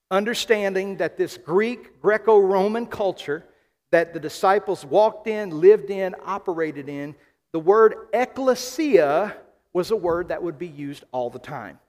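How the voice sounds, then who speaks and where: In a recording with long hall reverb, a Southern American man with a high-sitting voice preaches a sermon as pastor. He is emphatic, drawing out and repeating his key phrases.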